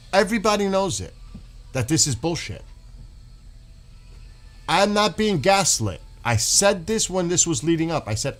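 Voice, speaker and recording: Exasperated, sarcastic man ranting. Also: on the high side. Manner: exasperated, sarcastic, swears, reads posts aloud and mocks them. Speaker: streamer reacting to news. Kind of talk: ranting political commentary.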